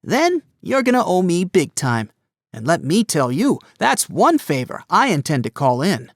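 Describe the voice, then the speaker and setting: A man's voice: sits high, wildly swooping pitch, unhurried, no echo, studio quality, voice pushed up, full character voice. A man voicing a teasing, boisterous teenage boy in an audiobook, playful and needling. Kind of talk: audiobook character voice.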